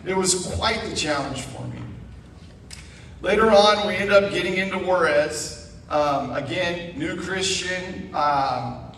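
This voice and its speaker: A middle-aged man telling his testimony as a guest speaker at church, animated with asides. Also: high voice, slow, slight background noise. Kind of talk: personal testimony. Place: church sanctuary. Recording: echoey room, mic far off.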